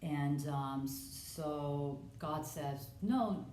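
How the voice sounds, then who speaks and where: A woman's voice: on the low side, lively intonation, measured pace, roomy sound, a little hiss or hum. A woman giving a casual Bible study talk, earnestly explaining scripture and acting out the dialogue as she goes. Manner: earnest, conversational, stumbles and restarts, acts out dialogue. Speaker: Bible teacher.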